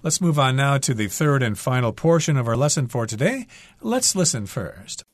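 A male English teacher co-hosting a radio lesson, patiently explaining vocabulary with examples and repeating key words slowly. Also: mid-range voice, sing-song.

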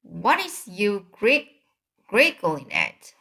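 A woman voicing a big friendly old male giant in a storybook reading, speaking softly in a hushed tone with muddled grammar. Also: mid-range voice, wildly swooping pitch, drawn-out words, creaky, exaggerated voice. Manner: soft whispering, muddled grammar. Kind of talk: storybook read-aloud.

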